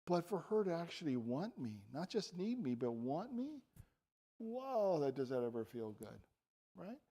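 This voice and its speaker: A man preaching a sermon in a church, earnest, moving between quiet intimate passages and emphatic raised lines. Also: a little high, very animated, unhurried. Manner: earnest, swings from soft to emphatic.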